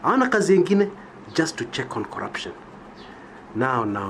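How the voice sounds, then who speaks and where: A man's voice: mid-range voice, sing-song, moderate pace, long pauses, fairly bright tone, slight background noise. A Kenyan man giving an emphatic political monologue, checking in with his listeners with "yeah?" after his points. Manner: emphatic, rhetorical, keeps asking "yeah?". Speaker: political commentator. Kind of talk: opinionated monologue.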